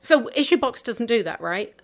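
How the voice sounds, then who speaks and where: A woman's voice: fairly high pitch, lively intonation, moderate pace. A woman with a British accent, a theater company director telling a story in a casual interview and acting out emails and conversations. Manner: chatty storyteller, acts out emails and dialogue.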